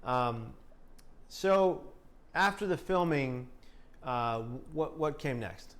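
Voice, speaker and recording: A man's voice: medium pitch, animated, takes it slowly. Earnest man interviewer. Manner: earnest, speaks with conviction about collaboration. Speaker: interviewer and documentary maker. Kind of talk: casual conversational interview.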